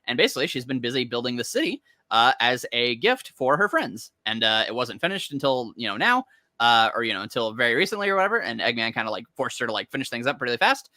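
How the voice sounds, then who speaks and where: A man's voice: mid-range voice, quick pace, no room sound, clean studio sound. A man co-hosting a podcast in casual chat. He tells stories with energy, acts out characters, and laughs often. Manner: animated storytelling, acts out characters. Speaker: podcast co-host.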